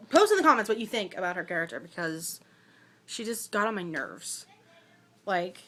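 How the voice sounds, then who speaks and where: Bright-voiced young woman ranting about movies. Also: mid-range voice. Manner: chatty, ranting, many fillers and asides. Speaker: vlogger. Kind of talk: casual movie review rant.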